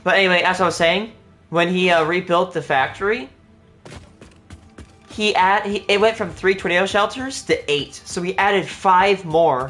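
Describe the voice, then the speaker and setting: A man with a fairly bright, high-side voice chats casually on a livestream while playing a game. He rambles, saying "like" a lot and restarting his sentences, with clear background music behind him.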